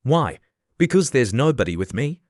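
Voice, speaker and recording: A man voicing a pompous, self-important egg man who is quick to take offence, read as an audiobook character. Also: mid-range voice, big pitch swings, darkish tone, no echo, clean studio sound, lightly acted. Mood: haughty.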